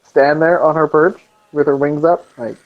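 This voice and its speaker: An excitable male player describing his character's moves in a tabletop game, chatty and full of "like". His voice sits a bit high and comes through dull, lo-fi audio. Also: moderate pace. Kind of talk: casual tabletop play.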